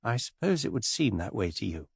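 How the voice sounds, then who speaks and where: A man's voice: on the low side, big pitch swings, a little fast, vocal fry, slightly rough, no room sound, clean studio sound, exaggerated voice. Man doing a breezy, teasing society lady. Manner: airy, teasing, softly amused. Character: breezy, witty young English society woman.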